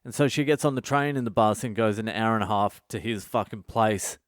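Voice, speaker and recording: Fairly quick and fairly low-pitched, a comedian podcast host tells a profane, blunt story full of sarcastic asides. It's a casual solo storytelling show recorded at home at night, dry and studio quality.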